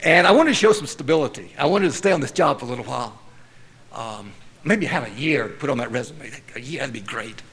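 A man's voice: medium pitch, animated, fairly quick, creaky, fairly bright tone, breathy edge. Wry man telling his recovery story. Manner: wry, self-mocking storytelling. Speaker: speaker sharing his story at a recovery meeting. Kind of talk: personal recovery testimony.

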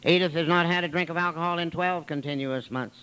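A man quoting a calm, earnest sober woman in a level, matter-of-fact way, in his own high voice. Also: fairly quick, smooth, poor audio.

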